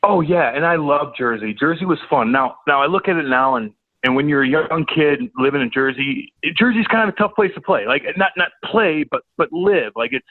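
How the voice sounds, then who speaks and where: A man's voice: a little high, a little fast, no room sound. Man from St. Louis, ex-enforcer guest, profane stammering storyteller; phone-quality, dry audio. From St. Louis, USA. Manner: profane, rambling, stammering repeats. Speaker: podcast guest, former hockey enforcer. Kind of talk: casual chat, storytelling. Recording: tinny phone-like line, dry.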